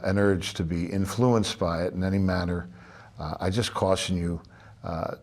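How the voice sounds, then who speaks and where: An older man giving a relaxed, chatty drum lesson, with many filler pauses. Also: low voice. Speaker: drum instructor. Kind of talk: spoken music lesson.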